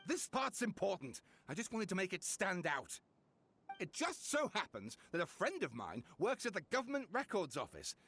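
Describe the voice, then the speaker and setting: A man's voice: sits high, moderate pace, a little hiss or hum, full character voice. An actor playing an eager male writer who talks theatrically and builds up his reveals. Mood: explaining. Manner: theatrical, excitable, dramatic build-ups.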